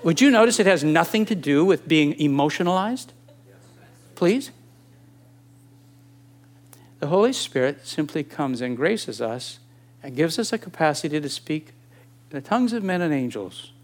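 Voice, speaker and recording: A man in his sixties preaching a sermon, animated and emphatic, firing off rhetorical questions. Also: a little high. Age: 60s.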